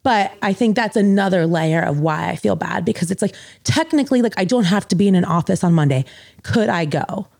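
A woman's voice: medium pitch, lively intonation, brisk, gravelly, a little mellow, no echo, clean studio sound. A woman in her thirties co-hosting a podcast, talking candidly and rambling with lots of fillers, tearful at times. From US East Coast. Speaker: podcast co-host. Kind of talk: casual chat.

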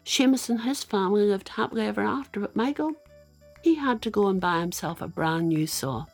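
An older woman with a Northern Irish accent telling a fairy tale to children in a lively, dramatic way. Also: medium pitch, brisk, creaky, soft background music. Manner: lively, dramatic, playful asides. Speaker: storyteller. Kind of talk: storytelling to children.

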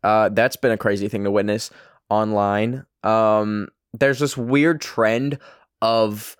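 A man's voice: fairly low pitch, fairly even intonation, takes it slowly, clear, resonant tone, no echo, clean studio sound. A young man with a Canadian accent hosting his own podcast, rambling and swearing in a self-deprecating way. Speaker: podcast host. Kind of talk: casual solo podcast rant.

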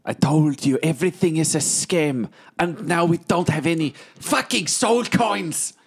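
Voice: medium pitch, unhurried, breathy edge. A player in a tabletop game, trading dry, sarcastic banter in character.

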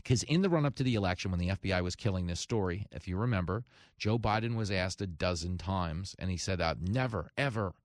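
A man's voice: deep voice, quick pace, no echo, studio quality. A man hosting a talk radio show, delivering an emphatic, sarcastic monologue.

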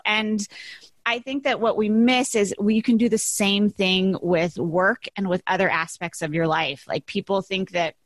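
A woman's voice: medium pitch, fairly even intonation, normal speed, fairly bright tone, no room sound. Effusive woman in her thirties, chatty coach, dry close sound. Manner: effusive, chatty, many fillers like "like" and "you know". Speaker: podcast guest, business and life coach. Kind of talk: casual conversational interview.

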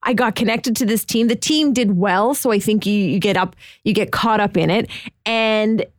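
A woman's voice: mid-range voice, normal speed, no echo, studio quality. A middle-aged woman co-hosting a podcast, earnest and emotional in casual chat. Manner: earnest and emotional, laughs easily. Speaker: podcast co-host.

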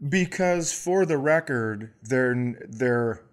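A man's voice: mid-range voice, lively intonation, slow pace. A man co-hosting a podcast, telling a casual comic story and acting out the people in it. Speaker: podcast co-host.

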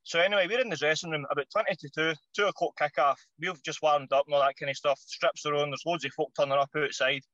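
Scottish man, high voice, quick and animated, swears freely, dull dry recording. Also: no room sound. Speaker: podcast guest, former footballer. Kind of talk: casual anecdote telling.

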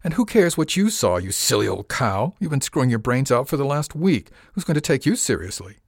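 A man's voice: mid-range voice, sing-song, a little fast, vocal fry, husky, no room sound, studio quality, pitched above the performer's own voice, heavily acted. A man voicing a sneering, hot-headed young male passenger in an audiobook, snarling his lines.

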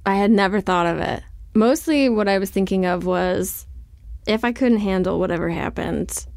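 A woman's voice: medium pitch, moderate pace, darkish tone, no room sound, studio quality. A woman author being interviewed, talking frankly and casually with lots of "like". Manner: chatty, frank, fills speech with "like". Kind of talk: candid conversational interview.

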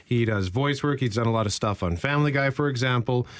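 A man hosting a radio talk show, reading guest and event promos in a brisk, scripted way. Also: medium pitch.

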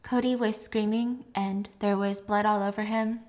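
A tearful, traumatized young woman stumbles through her memories between sobs, voiced by a woman storyteller. Her delivery is halting and raw, held slightly quieter than normal talk. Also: medium pitch, fairly even intonation, lightly acted. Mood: distraught. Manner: halting, emotional retelling. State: crying.

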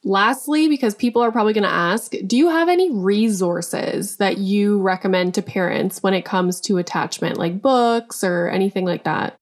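A woman's voice: medium pitch, normal speed, few pauses. A woman hosting a podcast, chatting casually and asking her guest questions. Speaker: podcast host. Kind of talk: casual interview.

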